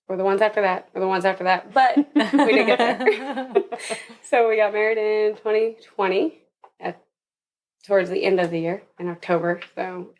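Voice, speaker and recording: In a casual podcast interview, a young woman guest with a mid-range voice tells a personal story, laughing often and acting out the voices of people she quotes.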